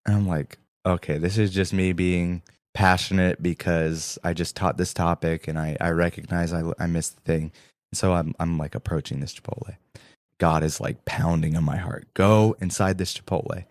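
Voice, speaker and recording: A young man with a deep, low voice tells a heartfelt testimony on a podcast. He tells it with animation and acts out each quoted line. The sound is close and dry. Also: normal speed, dry recording. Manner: earnest, animated storytelling with quoted dialogue. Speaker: podcast co-host. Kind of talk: storytelling testimony.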